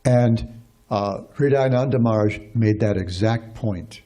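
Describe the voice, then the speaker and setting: A man's voice: on the low side, a little slow, mellow. A man giving a scripture class in a rambling, conversational way, with many fillers and restarts.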